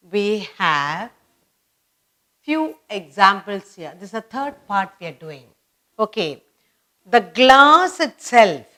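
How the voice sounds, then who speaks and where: Woman teacher, slow deliberate delivery, repeats examples for kids. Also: medium pitch, fairly bright tone. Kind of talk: grammar lesson for children.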